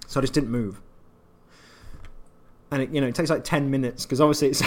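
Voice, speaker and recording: A man's voice: a little high, fairly quick, long pauses, slight background noise. A man co-hosting a podcast, chatting casually about video games and telling wry anecdotes. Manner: wry storyteller, laughs at his own anecdotes. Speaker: podcast co-host.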